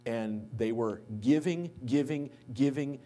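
Mellow-voiced man telling memorial anecdotes. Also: mid-range voice, slow pace. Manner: anecdotal storytelling, lively when quoting others. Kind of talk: eulogy at a memorial service. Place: church sanctuary.

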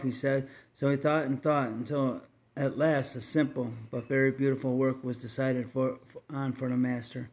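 Male reader, mid-pitched, earnest and measured storytelling for a religious tract. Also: level tone, a little mellow.

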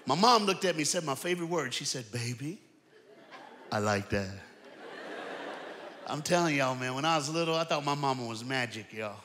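Guy preaching loud and lively, kinda high voice, big echoey church. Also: fast, hardly any pauses. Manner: animated, shouting preaching with crowd call-outs. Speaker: guest preacher. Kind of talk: energetic sermon. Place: large church auditorium. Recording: long hall reverb.

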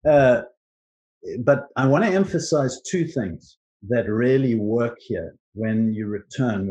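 Man, prayer teacher, gentle and earnest, medium pitch, halting restarts. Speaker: Christian teacher.

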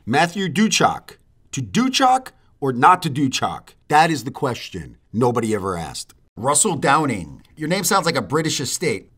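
A man's voice: on the high side, a bit bright. A man voicing a greedy, crude male cartoon hedgehog star in a brash, foul-mouthed comedic way.

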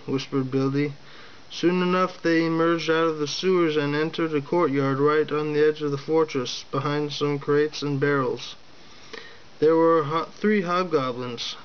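A man's voice: on the high side, flat delivery, normal speed, clean tone, lo-fi sound. A man reading his own fantasy adventure story aloud, voicing the characters with only small changes and a few slips. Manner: reads every character in a near-plain voice, with small slips.

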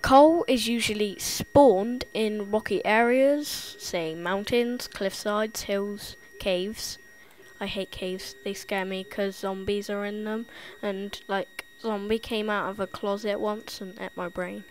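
A woman's voice: mid-range voice, steady tone, slow pace. A woman with a lisp giving playful, jumpy gameplay commentary, easily spooked and giggly. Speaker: gameplay tutorial host.

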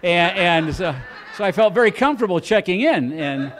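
A man's voice: high-pitched, expressive, normal speed, fairly bright tone, slight background noise. An older man doing a stand-up comedy set on a club stage into a handheld mic. He talks in a rambling, folksy, self-mocking way.

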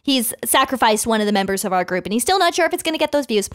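A woman narrating a game video in a playful, excitable, chatty way. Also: a little high, racing. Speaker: game vlogger.

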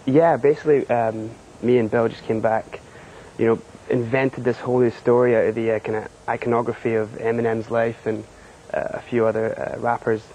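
A Scottish man from Scotland, a guest author in a studio TV interview, talking haltingly with many fillers and short laughs. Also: medium pitch, flat delivery, dark tone, slight background noise, poor audio.

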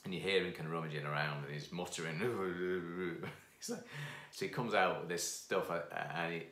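A man telling a funny personal anecdote in an animated way, laughing often and acting out what people said. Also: low-pitched, fast. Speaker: founder of a piano course. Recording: roomy echo.

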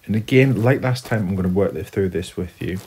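A man's voice: sits low, brisk, a little mellow, slightly rough. A man teaching Spanish grammar to students, explaining patiently step by step as he writes on a board. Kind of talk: classroom lesson at a whiteboard.

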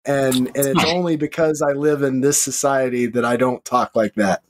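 A man co-hosting a movie podcast, telling stories in an animated, casual way. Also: medium pitch, moderate pace, very noisy. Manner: animated storyteller. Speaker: podcast co-host.

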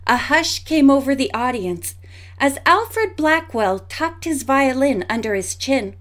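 A woman narrating a mystery audiobook in a clear, measured storytelling voice. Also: high voice, animated.

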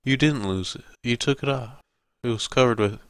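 A man's voice: medium pitch, normal speed, no room sound, voice pushed up, close to an everyday voice. A man voicing a frightened wife who talks in an urgent, pleading way, read in an audiobook. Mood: worried.

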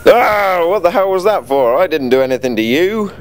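A man's voice: mid-range voice, very animated, a little fast, faint music behind, lightly acted. A man voicing a flustered, exasperated male slug office worker. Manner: exasperated, plain-spoken.

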